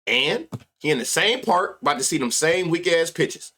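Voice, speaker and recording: A man's voice: fairly high pitch, moderate pace. Man, sports-betting stream host, casual, profane, laughing, muttered stats. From United States. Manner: animated, profane, laughs often, reads stats aloud under his breath.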